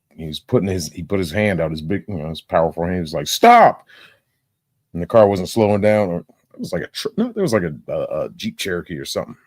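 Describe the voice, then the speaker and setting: A man's voice: sits low, darkish tone, no echo, clean studio sound. A man rambling casually and profanely through commentary, dropping sound-effect fillers and laughing now and then. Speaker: reaction streamer.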